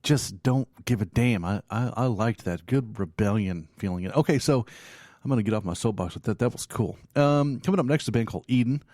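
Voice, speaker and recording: A man's voice: lowish voice, brisk, a little mellow, no room sound, studio quality. A man hosting a casual metal review show, talking in a loose, rambling, jokey way with lots of fillers. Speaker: podcast host reviewing metal bands.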